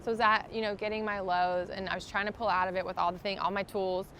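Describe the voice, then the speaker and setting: A young woman in the middle of chemotherapy speaks as a podcast guest, sharing her story earnestly and from the heart in casual interview style, with lots of "um" and "like." Her medium-pitched voice is a bit bright, level in tone and quick, with a little hiss or hum in the recording.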